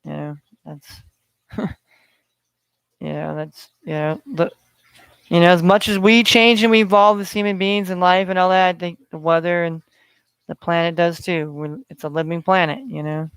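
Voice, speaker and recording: A man's voice: sits high, fairly even intonation, measured pace, gravelly, long pauses, a bit bright, clean tone, no room sound. A man hosting a solo sports betting podcast, talking in a rambling way with many fillers. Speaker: podcast host.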